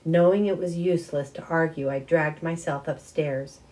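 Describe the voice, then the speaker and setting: Woman reading a chapter book out loud, warm low voice, expressive. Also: moderate pace, low-quality recording. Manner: expressive first-person narration. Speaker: audiobook reader. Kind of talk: storybook reading.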